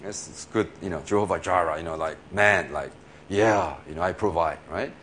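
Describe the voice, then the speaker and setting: A middle-aged man preaching in a chatty, animated way, laughing often and filling pauses with fillers. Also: deep voice. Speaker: pastor. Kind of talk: sermon.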